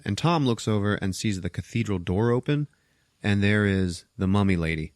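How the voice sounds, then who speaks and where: A man hosting a podcast, casually retelling a film's plot as an animated, profane storyteller. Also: on the low side, moderate pace, no echo, studio quality. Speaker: podcast host. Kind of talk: casual movie recap.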